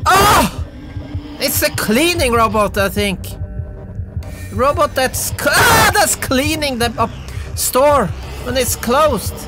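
A woman giving excitable let's-play commentary, yelping and giggling as she plays. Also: sits high. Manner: excitable, yelps and giggles while playing. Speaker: gamer.

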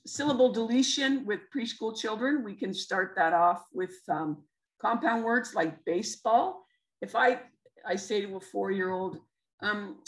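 A woman's voice: mid-range voice, low-quality recording. A woman with a Canadian accent presenting a literacy webinar, explaining step by step with many fillers and restarts. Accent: Canadian English.

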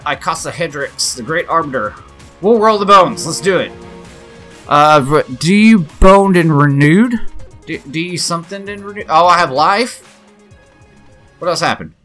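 A man giving excitable let's play commentary, yelping, swearing and cheering at the game as he plays. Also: fairly high pitch, measured pace, long pauses, faint music behind. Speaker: gaming channel host.

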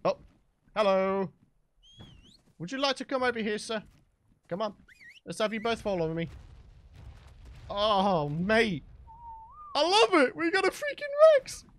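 A young British gaming channel host commentates his own gameplay with a bright, edgy tone, speaking slowly with long pauses. His fairly high voice swoops wildly as he chatters and erupts in excitement, addressing viewers directly like a let's play host. A little hiss or hum sits in the audio.

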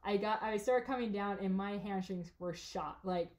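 Animated woman guest telling a story. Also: medium pitch, normal speed, a crowd in the background. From California. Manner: animated storyteller, acts out her own thoughts, laughs often. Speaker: podcast guest. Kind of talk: casual podcast interview.

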